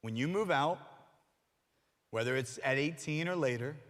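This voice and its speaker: A man's voice: on the high side, normal speed. A man giving a youth sermon, telling stories with jokes and playful asides. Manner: animated storytelling with jokes and asides. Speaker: youth pastor. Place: church hall. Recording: long reverb of a large hall.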